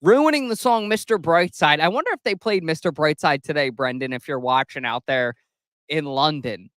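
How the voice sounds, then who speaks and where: A man's voice: a little high, animated, normal speed, fairly bright tone, no echo, studio quality. A young man hosting a sports podcast alone, recapping a game in a loose, chatty way with casual swearing. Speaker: podcast host.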